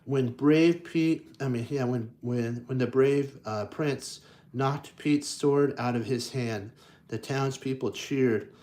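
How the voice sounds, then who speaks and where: A man reading children's picture books aloud at a slow, unhurried pace. He stumbles and restarts often, stops to point out the pictures, and throws himself into the sound effects. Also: mid-range voice, dark tone. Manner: halting, with frequent restarts and self-corrections; enthusiastic, playing up sound effects. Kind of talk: casual read-aloud with commentary.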